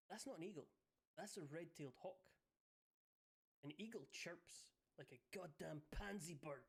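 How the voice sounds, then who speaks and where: A woman's voice: sits low, expressive, normal speed, darkish tone. A Scottish woman giving casual, sweary, playful commentary while streaming a game, laughing often. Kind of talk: casual live gameplay commentary.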